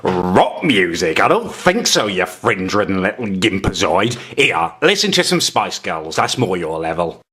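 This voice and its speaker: Brief: smug male smart-speaker machine, played by a man in an amateur skit; low, swooping, mocking and boastful. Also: sing-song, a little slow, few pauses, a bit bright, exaggerated voice.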